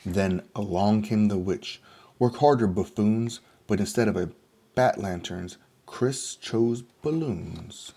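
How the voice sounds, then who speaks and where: Male picture-book reader, rhythmic rhyme, dark husky low voice. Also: takes it slowly. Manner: steady, rhythmic storytelling. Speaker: storybook reader. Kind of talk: rhyming picture-book read-aloud.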